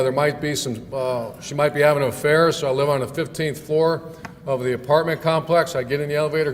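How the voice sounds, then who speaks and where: A man's voice: on the high side, close to an everyday voice. Hard-luck man pleading at heaven's gate, as a man tells it, piling up mishaps, echoing hall. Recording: long hall reverb, faint room noise.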